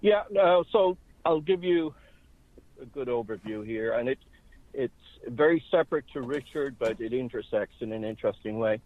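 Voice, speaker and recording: A man's voice: medium pitch, normal speed, no echo. A man in his sixties from Ireland with a Boston accent, telling a personal story steadily in a phone interview. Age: 60s. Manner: steady, conversational storytelling with fillers. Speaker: guest. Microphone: phone call. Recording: dry, tinny phone line.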